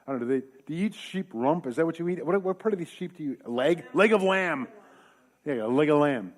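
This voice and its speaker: A man's voice: a little high, lively intonation, quick pace. A man preaching a casual sermon in a church, talking conversationally with joking asides and rhetorical questions. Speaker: pastor.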